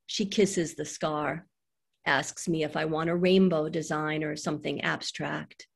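A middle-aged woman, reading her own poems on a video call, slow and quiet on the lines. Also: fairly even intonation, creaky, breathy edge. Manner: slow, soft reading voice that drops low on the lines. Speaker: poet reading her work. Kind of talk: poetry reading with chat between poems.

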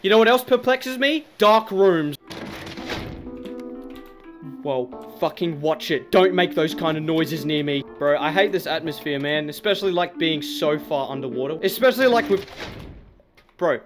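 A man's voice: on the high side, expressive, normal speed, music in the background. A young man, giving crude, rambling, jokey commentary while playing a horror game. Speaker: gaming YouTuber.

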